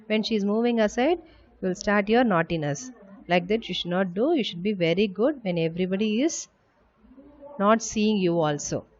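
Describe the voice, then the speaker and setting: A woman teacher giving a slow, emphatic lesson to young children. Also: mid-range voice, darkish tone, dull audio. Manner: slow, emphatic, reads habits aloud then explains. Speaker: school teacher.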